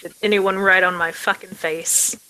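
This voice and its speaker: A woman's voice: medium pitch, fairly even intonation, moderate pace, sharp tone, a little hiss or hum, natural voice, rough recording. A woman voicing a brash, foul-mouthed young woman in a tabletop game, blunt and rambling. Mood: irritated.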